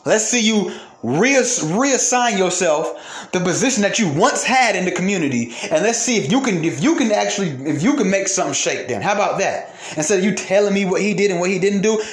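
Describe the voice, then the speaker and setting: A man's voice: high voice, expressive, moderate pace, roomy sound. A man hosting a podcast, delivering an angry, profane rant and repeating phrases for emphasis. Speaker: podcast host. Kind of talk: heated ranting monologue.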